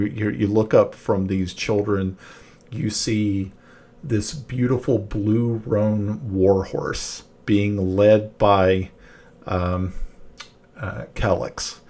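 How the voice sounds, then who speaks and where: A man narrating a tabletop game as game master, halting with many fillers and restarts. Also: on the low side, vocal fry, a little mellow.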